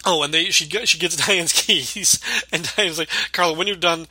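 A man co-hosting a casual podcast chat, retelling sitcom scenes with quick quoted lines and frequent laughter. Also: on the high side, pushed and bright, husky, no room sound. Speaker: podcast co-host.

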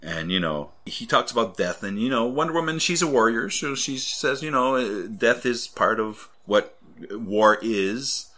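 A man's voice: mid-range voice, lively intonation, measured pace, pushed and bright. A man in casual, rambling conversation about comics, often laughing. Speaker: podcast co-host.

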